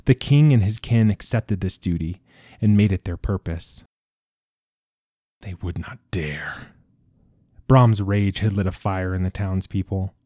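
A male narrator reads a fantasy tale with measured, dramatic pacing. His voice is low and mellow, captured on a close, dry studio mic. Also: dry recording. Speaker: audiobook narrator.

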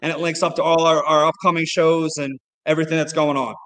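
A man's voice: a little high, little pitch movement, fast talker, a bit bright, big-room sound, poor audio. A man who produces comedy shows, a guest on a casual podcast, telling road stories with many "like" fillers.

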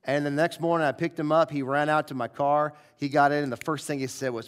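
A male preacher telling a personal story in a revival sermon, acting out the dialogue with lively shifts of voice. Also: on the high side, brisk, few pauses. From southern United States.

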